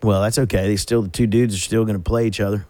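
A man co-hosting a podcast, teasing the others with quick quips. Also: lowish voice, little pitch movement, mellow, dry recording. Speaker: podcast co-host. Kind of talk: casual banter.

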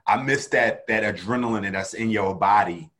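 A man in his thirties in casual conversation, relaxed and reflective, who often says "you know what I mean". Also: on the low side, moderate pace. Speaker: comedian.

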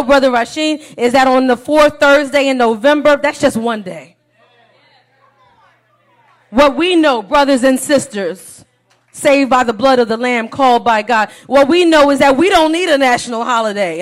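A woman preacher delivering a sermon, shifting from soft low musings to shouted, repeated calls and rhetorical questions. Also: moderate pace.

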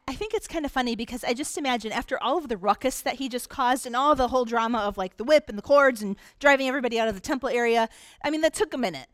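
A woman pastor delivering a conversational sermon, slowing into emphatic pauses on key points. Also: high-pitched, no room sound. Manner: conversational preaching with dramatic pauses.

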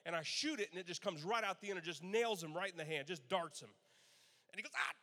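A man in his thirties preaching a Father's Day sermon, storytelling with bursts of laughter and acted-out quotes. His voice sits high for a man. The sound carries a long reverb from the church sanctuary. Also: fast talker, sharp tone. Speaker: pastor.

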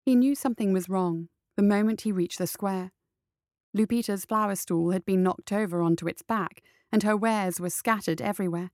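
A woman reading a story aloud in steady scripted narration. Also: mid-range voice, normal speed, no room sound, studio quality. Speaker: audiobook narrator.

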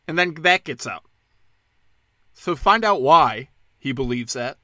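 A man's voice: fairly high pitch, animated, a little slow, pushed and bright, no echo, studio quality. Sarcastic, profane man ranting. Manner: sarcastic, profane, mocking impressions. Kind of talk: ranting casual monologue.

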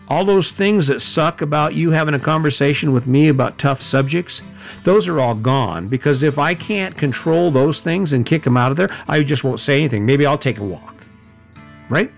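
A middle-aged man giving a high-energy, conversational motivational talk, often correcting himself mid-sentence. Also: expressive, normal speed, gravelly, soft background music. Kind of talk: motivational monologue.

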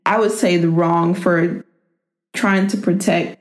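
Female co-host, wry and casual, low voice, echoey room. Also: steady tone, slow pace. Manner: wry quips and laughter. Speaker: podcast co-host. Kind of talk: casual chat. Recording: roomy echo.

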